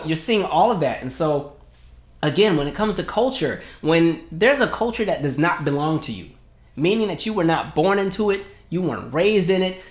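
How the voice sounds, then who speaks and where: A man hosting a casual commentary video, talking in a sarcastic, incredulous way. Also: a little high. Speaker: host. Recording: roomy echo.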